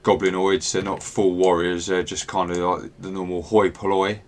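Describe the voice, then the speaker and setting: A man runs a tabletop game in a low voice. His talk is relaxed and rambling, full of ums and asides. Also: moderate pace. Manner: relaxed and rambling, with many fillers. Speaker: game master.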